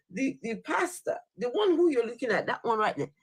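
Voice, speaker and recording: A woman hosting a casual livestream chat, animated and quick to laugh and exclaim. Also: on the high side, breathy edge, no echo. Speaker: livestream host.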